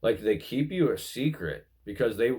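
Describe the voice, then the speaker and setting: A man's voice: mid-range voice, very animated, moderate pace, darkish tone. A man talking casually to viewers about relationships, earnest and repetitive, often calling them guys. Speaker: relationship advice vlogger. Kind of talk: casual spoken advice.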